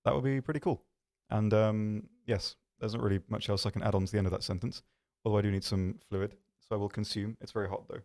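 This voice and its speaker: A man hosting a game livestream from an office, answering viewer questions in a rambling, self-deprecating way with many pauses and restarts. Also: on the low side, fairly even intonation, darkish tone. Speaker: stream host. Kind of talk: casual livestream chat reading viewer questions.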